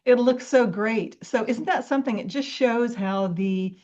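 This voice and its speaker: A woman's voice: fairly high pitch, unhurried, a little mellow. A woman hosting an interview show, who greets and praises her guest effusively. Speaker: host. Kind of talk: interview host chat. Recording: dull lo-fi audio.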